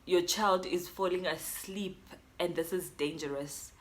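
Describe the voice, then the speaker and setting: A man's voice: high-pitched, fairly even intonation, a little slow. A woman voicing a grave male doctor. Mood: serious. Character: calm male hospital doctor giving warnings.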